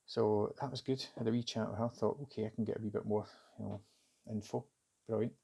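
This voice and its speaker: A man's voice: lowish voice, steady tone, a little fast, vocal fry, mellow, breathy edge. A Scottish man casually recounting a story in a rambling, hesitant way, with lots of fillers and restarts. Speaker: vlogger recounting a job interview.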